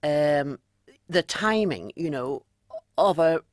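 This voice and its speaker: A woman hosts a radio interview, her voice rising and falling in a very lively way as she prompts her guest. The studio sound is dry and close, with nothing around it. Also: deep voice, slow, dry recording.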